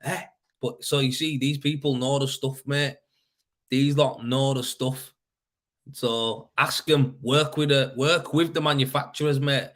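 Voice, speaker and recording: A man's voice: medium pitch, steady tone, unhurried, a bit bright. Chatty man, casual swearing. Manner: swearing, mate-heavy and chatty. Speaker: podcast host. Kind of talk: casual live-stream chat.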